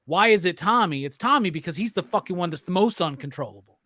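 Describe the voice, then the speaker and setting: A man chatting casually in a group movie review, cursing often and telling things in an animated way. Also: high-pitched, fast talker. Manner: swears a lot, animated storytelling. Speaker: podcast co-host.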